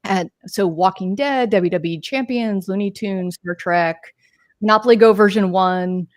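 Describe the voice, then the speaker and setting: A woman in her forties speaks a little slowly in a mid-range voice, recorded in clean studio sound with no echo. A podcast guest and games marketer, she casually narrates her career in a rambling way, with tangents and fillers.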